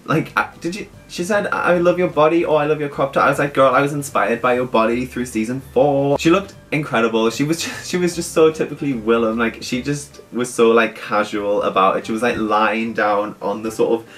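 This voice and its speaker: A young man, telling an excited storytime vlog and gushing as he quotes the people he met. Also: medium pitch, a little fast, hardly any pauses. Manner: gushing, animated, quotes others in lively asides. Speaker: vlogger.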